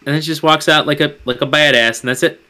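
Male podcast co-host, blunt and sarcastic, bright tense tone. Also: fairly high pitch, steady tone, quick pace. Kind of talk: casual chat review.

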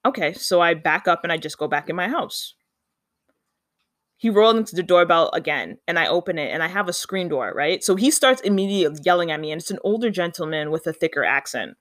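A speaker from Canada, telling a story in a chatty, animated vlog style and acting out the dialogue. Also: mid-range voice, a little fast, no room sound, studio quality.

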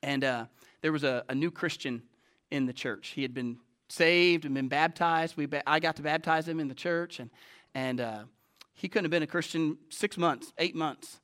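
A man preaching a sermon as pastor, emphatic, swinging from loud declarations to hushed storytelling. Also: fairly high pitch, moderate pace, clean tone.

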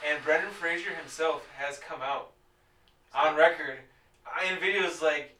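A man's voice: a little high, a little slow, sharp tone, far from the mic. A man who is a podcast guest, chatting in a laid-back way and laughing often. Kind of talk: casual chat. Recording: echoey room, off-mic.

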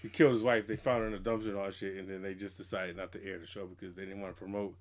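A man's voice: sits low, little pitch movement, rapid-fire. A man co-hosting a hip hop podcast, chatting casually with loose, profane, laughing banter. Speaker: podcast co-host.

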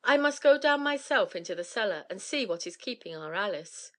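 A woman's voice: mid-range voice, animated, brisk, a bit bright, lightly acted. A woman reading aloud voices an impatient older father who gives commands in a storybook.

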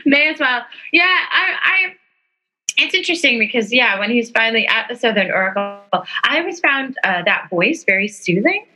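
A woman's voice: a little high, lively intonation, normal speed, pushed and bright, slightly rough, faint music behind, rough recording. A woman co-hosting a podcast, chatting casually about a film in a playful, jokey way. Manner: playful and jokey, laughs easily. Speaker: podcast co-host.

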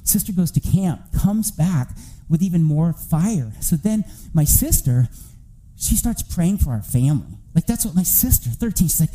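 A man preaching a church sermon, telling a family testimony as an animated story that climbs toward near-shouting. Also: on the high side, moderate pace, rough recording.

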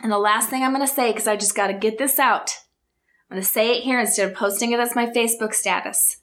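A woman's voice: a little high, steady tone, fairly bright tone. A woman hosting her own podcast, talking straight to her listeners with rhetorical questions, earnest and openly emotional. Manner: earnest, emotional, speaks in slow emphatic bursts. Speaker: podcast host. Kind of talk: heartfelt solo podcast talk.

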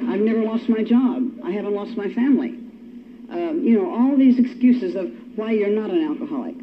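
A woman's voice: medium pitch, lively intonation, moderate pace. An older woman giving a personal testimony at a recovery meeting, telling her story in a wry, self-mocking way. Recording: dull lo-fi recording with faint hiss.

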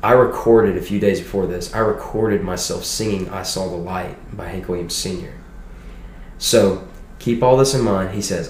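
A young man guest sharing a personal testimony in an animated, quick storytelling way. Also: low voice. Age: young adult. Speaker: podcast guest. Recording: roomy room echo with faint noise.

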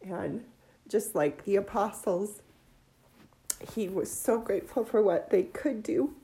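A woman giving an emotional religious testimony, near tears, heartfelt and halting. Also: medium pitch, creaky, warm tone.

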